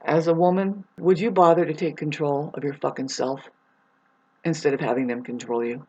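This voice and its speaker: A woman's voice: steady tone, moderate pace, husky, highs cut off. Agitated, profane woman ranting. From United States. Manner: agitated and profane, swinging between loud outbursts and low muttering. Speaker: spiritual vlogger. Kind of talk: rambling spiritual monologue.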